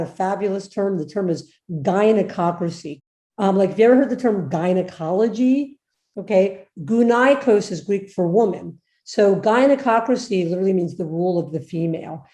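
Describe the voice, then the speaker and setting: A woman professor giving an informal lecture, chatty and lively, asking her listeners questions as she goes. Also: medium pitch. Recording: echoey room.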